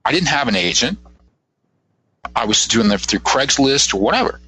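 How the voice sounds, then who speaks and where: A husky-voiced man in his fifties tells stories as a guest on a radio talk show. His tone is bright and his pitch moves a lot. He rambles from one anecdote to the next and acts out the other people's lines. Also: normal speed, low-quality recording. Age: 50s. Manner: animated, rambling anecdotes with acted-out quotes. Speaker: guest psychic. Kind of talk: casual radio interview storytelling.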